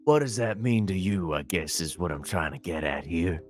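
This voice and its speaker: A man's voice: low-pitched, expressive, normal speed, soft background music. A man speaking casually as a player in a tabletop game, hesitant and self-deprecating.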